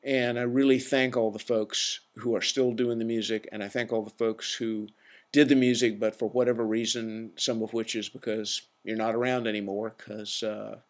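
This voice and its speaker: A man's voice: lowish voice, little pitch movement, normal speed. A man hosting a podcast alone, giving an opinionated, rambling rant in a casual, self-aware way. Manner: opinionated, ranting, self-deprecating. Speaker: podcast host. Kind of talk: casual solo monologue.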